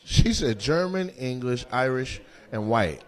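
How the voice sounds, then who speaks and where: A man doing stand-up crowd work in a comedy club, teasing audience members with loud banter and putting on their voices. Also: mid-range voice, lively intonation, unhurried. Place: comedy club stage before a live audience. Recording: faint crowd ambience, audience laughter.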